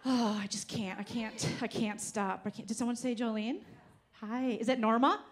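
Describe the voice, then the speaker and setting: Brash high-voiced woman doing stand-up. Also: steady tone, moderate pace. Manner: brash, profane, teasing the audience. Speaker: stand-up comedian. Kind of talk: stand-up set with crowd work. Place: live comedy show on stage.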